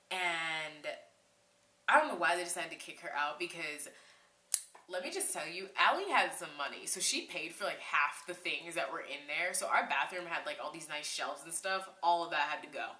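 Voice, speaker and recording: A young woman telling a casual storytime vlog, animated and slangy, rushing through with lots of "like"s. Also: low-pitched, echoey room, slight background noise. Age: young adult. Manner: animated, slangy, talks in a rush with many "like"s. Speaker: vlogger.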